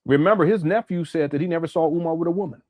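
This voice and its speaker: Man, from Southern California, reaction commentary host, candid, animated, fairly high voice, dry sound. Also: no room sound. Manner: candid and animated, with frequent restarts and quick asides.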